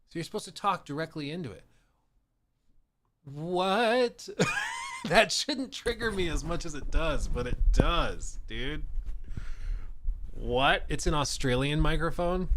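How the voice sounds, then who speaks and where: A man hosting a casual live stream, talking in an animated, slangy way and laughing often. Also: mid-range voice, no room sound. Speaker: livestream host.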